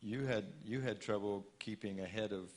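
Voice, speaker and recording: Low-voiced man, halting interviewer. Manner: halting questions with many restarts. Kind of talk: conversation on stage. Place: conference stage.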